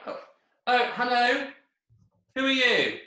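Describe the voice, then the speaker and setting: Man doing a worried teen boy; high, lively, bright; very echoey room. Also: takes it slowly, exaggerated voice. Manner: anxious and fretful. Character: worried teenage boy home alone. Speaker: improv performer. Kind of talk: live improv comedy. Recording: very echoey room over a video call.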